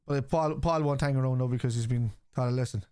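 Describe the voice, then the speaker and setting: With a medium-pitched, fast, slightly mellow and clean-toned voice, a middle-aged Irishman chats through a live football watchalong. He swears, reacts to the match and takes questions from chat. The recording is dry and clean studio sound.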